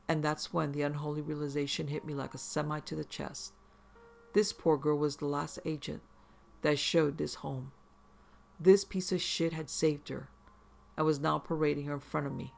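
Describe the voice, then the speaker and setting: A man's voice: a little high, creaky. A man narrating a first-person horror story in an intense, profane, vivid way.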